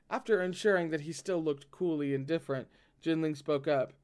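A man's voice: a little high, a little fast, darkish tone, smooth. A man reading a novel aloud and breaking off to react in a dramatic, swearing manner. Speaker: audiobook reader and reactor.

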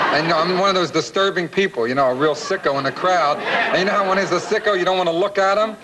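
A man's voice: sits high, quick pace. A man with a Philadelphia accent, hosting a late-night talk show and telling playful joking stories. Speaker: talk show guest host. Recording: noisy old TV broadcast.

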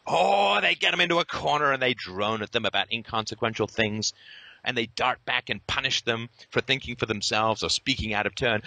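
A man's voice: mid-range voice, expressive, normal speed, gravelly, sharp tone, no echo. A male podcast host giving an impassioned, sarcastic monologue peppered with profanity and theatrical asides.

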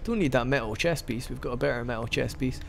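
A man's voice: medium pitch, fast talker, gravelly, slight background noise. A man giving casual, rambling let's-play commentary as he plays, joking and often restarting his sentences. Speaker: gaming video host.

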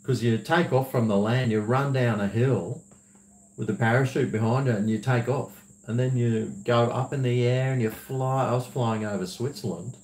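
A man hosts a livestream in a loose, rambling way, laughing often as he reads out viewer messages. His voice sits at an ordinary middle pitch. The room gives it a noticeable echo. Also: steady tone, moderate pace, a little mellow. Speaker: livestream host. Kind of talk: casual livestream chat, reading viewer messages. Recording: roomy echo.

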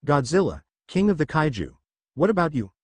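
A man's voice: on the high side, very animated, normal speed, no room sound. A man voicing a brash, blunt teenage boy ninja in a fan story reading who grumbles and teases.

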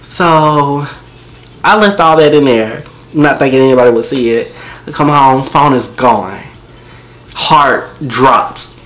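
A man's voice: medium pitch, slow pace, a bit bright. A man telling a personal story to camera in a casual, slangy, joking way.

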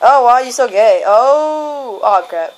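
Giggly high-voiced woman gamer trash-talking. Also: lively intonation, takes it slowly, faint music behind. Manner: giggly, teasing, trash-talking other players. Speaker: gamer recording online match. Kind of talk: excited gameplay commentary.

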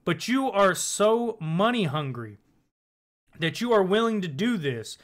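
A man's voice: high voice, expressive, a little slow. A man hosting a casual commentary video, rambling, swearing and often restarting his sentences. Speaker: commentary channel host.

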